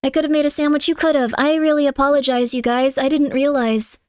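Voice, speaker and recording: A chatty woman streamer with a high, light voice talks with her viewers on a close mic in a dry, dead-sounding room. She slips into cooing baby talk for her cat and throws out playful mock threats. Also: flat delivery, quick pace, darkish tone, dry recording. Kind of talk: casual live-stream chat.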